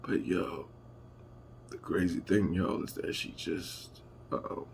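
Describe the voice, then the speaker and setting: A man telling a personal family story to camera, emotional and halting as he searches for words. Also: deep voice, creaky, a little hiss or hum. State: emotional, holding back tears. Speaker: vlogger.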